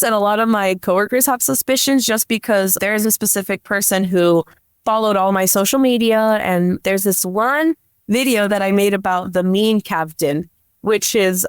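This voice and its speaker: A young woman talking into a podcast mic in a dead, dry space, her voice sitting at an ordinary middle pitch. She tells her story in loose, casual chat. She fills nearly every phrase with "like". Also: clear, resonant tone, no room sound. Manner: chatty, leans on "like" constantly. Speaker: police dispatcher guest. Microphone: podcast microphone.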